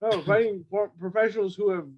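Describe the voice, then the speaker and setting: A man with a fairly high voice co-hosting a casual sports podcast, heard through a dull, muffled lo-fi mic. He speaks hesitantly, restarting sentences and chiming in with brief agreements. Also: fairly even intonation, fairly quick, a loud crowd. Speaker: podcast co-host.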